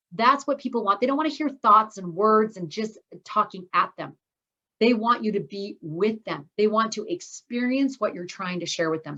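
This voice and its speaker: A woman's voice: mid-range voice, a bit bright, highs cut off. A middle-aged woman teaching an online speaking course, upbeat and encouraging, talking straight to her students over a video call. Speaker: speaking coach.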